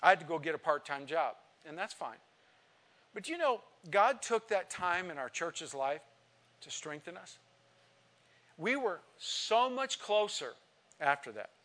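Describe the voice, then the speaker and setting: A man's voice: fairly high pitch, sing-song, unhurried, fairly bright tone. A male pastor preaching a sermon, telling a personal story with emotion and building to emphatic exhortation. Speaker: visiting pastor.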